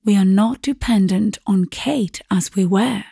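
A woman's voice: medium pitch, measured pace, gravelly, warm tone, slightly rough, dry recording, clean studio sound. A woman voicing Josephine, a lofty, bossy spinster sister. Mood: firm. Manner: lofty and firm.

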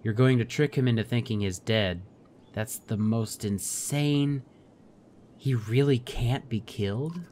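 A man's voice: medium pitch, unhurried, darkish tone, a little hiss or hum, lightly acted. A man playing a wry, skeptical archer hero. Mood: incredulous.

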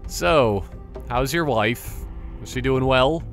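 A man's voice: medium pitch, slow pace, soft background music. A man giving casual, joking commentary over a video game, rambling and exclaiming often. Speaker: gaming channel host.

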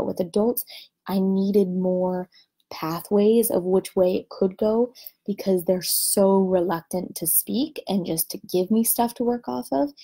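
Husky, gravelly-voiced woman teacher. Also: medium pitch. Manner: animated, emphatic storytelling. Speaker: Spanish teacher. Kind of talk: casual live-stream chat.

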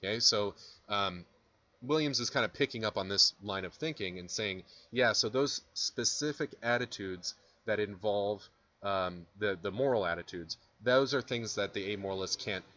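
A young man giving a casual philosophy lecture with a bright, forceful edge to his fairly low voice. He talks in a chatty, self-deprecating way and acts out his examples. The recording sounds a bit dull and lo-fi. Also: moderate pace.

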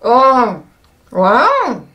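A young woman with a slightly high voice, chatting through a snack taste test. She is bubbly and gushing, and now and then her voice jumps into excited squeals. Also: extremely slow. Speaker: food taste-test vlogger. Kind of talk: casual taste-test vlog chat.

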